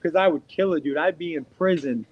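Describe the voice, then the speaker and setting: A fairly high-voiced middle-aged man chatting on a podcast. He rambles through stories, swears freely and leans on filler words, the talk loose and unscripted. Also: brisk, lo-fi sound. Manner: rambling, profane, heavy on "like" fillers. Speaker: podcast co-host. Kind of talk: casual podcast chat.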